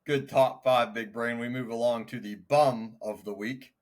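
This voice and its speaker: A man co-hosting a casual sports podcast in a relaxed way, often pausing with fillers. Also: medium pitch. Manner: relaxed, frequent filler pauses. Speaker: podcast co-host.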